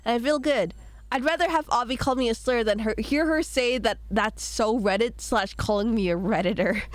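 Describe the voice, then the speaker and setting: A woman's voice: a little high, moderate pace, no room sound. A young woman streaming while sick, chatting casually and rambling between giggles as she reads chat aloud. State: sick, voice rough.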